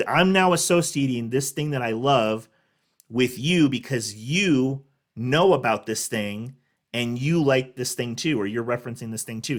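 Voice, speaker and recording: A man hosting a reaction video, explaining things in a casual, rambling way with many fillers. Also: mid-range voice. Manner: rambling, lots of fillers and restarts. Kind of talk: casual commentary.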